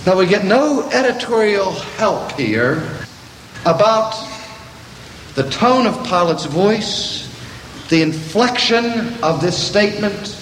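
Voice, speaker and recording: An older man preaching a sermon to a gathering, slow and deliberate with dramatic pauses. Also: high voice, animated, fairly bright tone, slight background noise. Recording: echoey hall from a distance.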